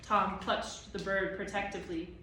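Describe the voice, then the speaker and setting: A woman teacher reads a novel aloud to her class in a steady, plain manner. The classroom echoes heavily around her. The mic is far away, with faint room noise behind her. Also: mid-range voice, moderate pace.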